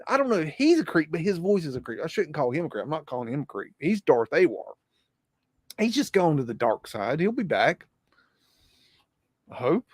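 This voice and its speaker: A man hosts a casual livestream, excitable and rambling, with plenty of swearing. His voice sits a little high for a man. The sound is close and dry. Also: moderate pace, pauses often, husky, dry recording. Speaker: livestream host.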